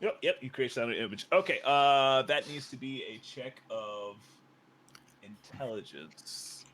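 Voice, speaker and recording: A man's voice: mid-range voice, animated, unhurried, noisy background. A man acting as game master, narrating a tabletop fantasy game and explaining the rules in a loose, conversational way.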